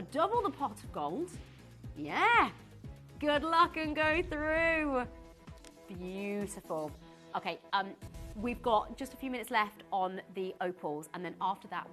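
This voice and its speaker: Woman, TV shopping host, bubbly, giggly, very animated pitch, faint studio music. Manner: bubbly and giggly, chatty asides. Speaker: shopping channel presenter. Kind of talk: live TV shopping presentation.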